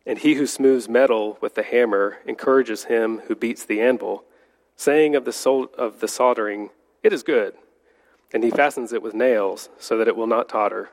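A man leading a Bible study, reading scripture aloud and explaining it in an unhurried way, correcting his own slips as he goes. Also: mid-range voice. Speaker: Bible teacher. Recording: long hall reverb.

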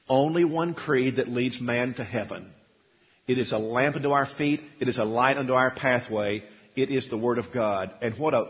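A man's voice: medium pitch, fairly bright tone, big-room sound. A man preaching a sermon, quoting scripture and asking his congregation questions, rising to emphatic peaks. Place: church sanctuary.

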